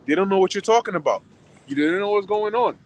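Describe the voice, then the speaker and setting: A man's voice: high-pitched, lively intonation, fast, slight background noise, rough recording. A man in a casual group chat who talks loosely and repeats words as he goes. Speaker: discussion participant.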